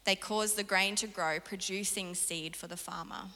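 Young woman preacher, earnest and animated, bright forceful voice, reverberant hall. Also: medium pitch, normal speed. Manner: earnest, animated storytelling with laughs. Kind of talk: sermon.

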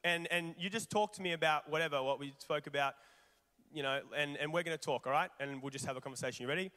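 High-voiced man preaching in a hall. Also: fast talker. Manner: animated and conversational, with rhetorical questions to the congregation. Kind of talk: sermon. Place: large church hall. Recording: long reverb of a large hall.

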